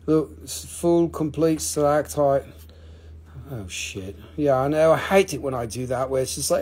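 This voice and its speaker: A man's voice: a little high, moderate pace, darkish tone. A man hosting a live rock auction, chatting casually with joking, playful salesman patter. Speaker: host selling rocks in a live auction.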